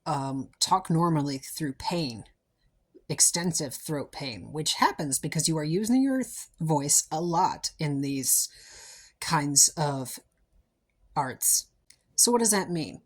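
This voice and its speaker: A woman's voice: low voice, expressive, takes it slowly. A young woman with a sore throat telling a story in a chatty, playful way, with lots of fillers. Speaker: vlogger. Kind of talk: casual storytelling to camera.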